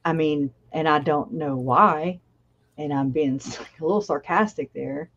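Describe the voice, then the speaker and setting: A woman in relaxed conversation, her voice low and her pace unhurried. She stops and restarts her sentences and laughs often. The audio is a little dull and muffled. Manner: halting, laughs often, self-interrupting. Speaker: co-host of a true-crime live chat. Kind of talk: casual conversational chat.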